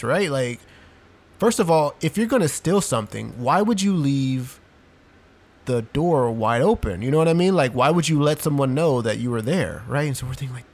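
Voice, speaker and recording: A young man talking loosely on a podcast, piling "like" and "dude" into a rambling story. His voice sits at an ordinary middle pitch and he keeps the tone conversational. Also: animated, moderate pace, long pauses, a little mellow. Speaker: podcast co-host. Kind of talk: casual chat.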